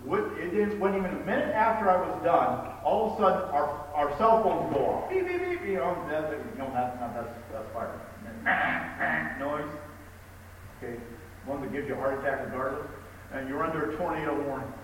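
A man preaching a sermon, telling stories with animated emphasis and reading scripture aloud. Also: fairly high pitch, normal speed, a little hiss or hum. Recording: echoey hall, distant mic with faint ambience.

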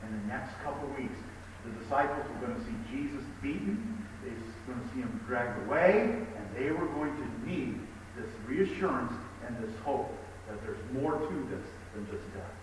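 A man preaching a sermon, telling stories with animated emphasis and reading scripture aloud. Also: medium pitch, normal speed, noisy background. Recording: echoey hall, distant mic with faint ambience.

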